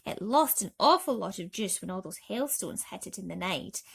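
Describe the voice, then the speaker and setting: A woman's voice: mid-range voice, expressive, normal speed, vocal fry, breathy edge. A woman reading aloud and voicing a brave young boy who gives urgent orders to his companions. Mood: commanding.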